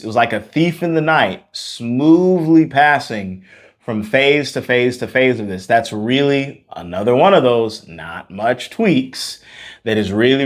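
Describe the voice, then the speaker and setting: A man teaching a singing lesson as a vocal coach, out of breath and talking with energetic, repeated emphasis. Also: medium pitch. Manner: energetic, repetitive emphasis, laughs between points.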